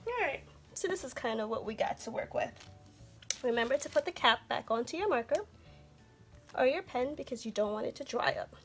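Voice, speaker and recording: A woman teaching a children's art lesson, speaking gently and encouraging viewers to take their time. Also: fairly high pitch, animated, brisk, soft background music. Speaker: art instructor.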